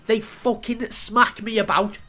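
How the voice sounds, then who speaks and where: A man's voice: high voice, measured pace, soft background music. A man commentating on his own football video game match, swearing and flaring up at the play. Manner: swearing, excitable outbursts at the game. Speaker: gaming YouTuber. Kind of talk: gameplay commentary.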